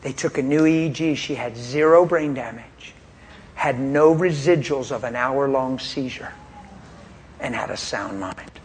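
A man's voice: mid-range voice, measured pace, a little hiss or hum. A man preaching a testimony in a pointed, straight-talking way, telling his story with animation and frequent laughter. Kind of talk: sermon testimony.

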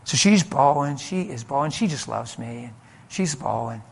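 A man preaching a sermon and telling a story from his ministry, animated and emphatic, moving between loud and soft delivery. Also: mid-range voice, normal speed, creaky, husky. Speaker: pastor.

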